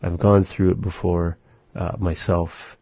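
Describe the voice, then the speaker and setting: A man co-hosting a casual language-lesson chat, relaxed, explaining phrases and repeating them slowly. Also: deep voice, husky, dry recording. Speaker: language show co-host.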